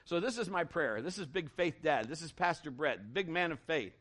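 A middle-aged man preaching a sermon as a pastor, telling a folksy story in an animated way with lots of restarts and acted-out quotes. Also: fairly high pitch, moderate pace.

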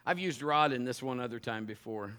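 A man preaching a sermon from a church stage, telling a teasing, animated story and joking with the people he calls up. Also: medium pitch, brisk, clean tone. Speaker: pastor. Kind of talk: sermon with a live demonstration. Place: church stage before a congregation.

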